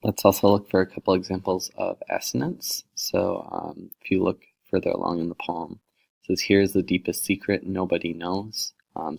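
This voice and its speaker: A man's voice: low voice, vocal fry, darkish tone. A man teaching a recorded poetry lesson, explaining sound devices and reading poems aloud, with frequent fillers.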